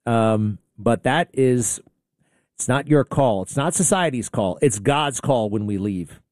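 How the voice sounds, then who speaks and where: Blunt, sarcastic New talk host. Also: male voice, mid-range voice, expressive, unhurried, a little mellow, no echo, studio quality. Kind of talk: opinionated talk radio monologue.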